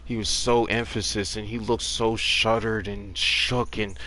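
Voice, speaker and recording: A man's voice: lowish voice, little pitch movement, a little slow, pushed and bright, a little hiss or hum. A man in his thirties ranting bluntly and sarcastically during a casual gaming livestream, with plenty of profanity. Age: 30s.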